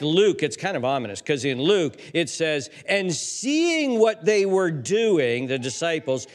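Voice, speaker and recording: A man preaching a sermon as pastor, emphatic, repeating words and building lists of words that rise as he goes. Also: on the high side.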